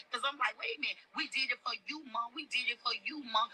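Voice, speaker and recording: A woman talks straight to her livestream viewers, tearful and pleading one moment and defiant the next. Her voice sits high and very bright, with a husky edge. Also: quick pace, hardly any pauses, low-quality recording. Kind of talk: emotional livestream address.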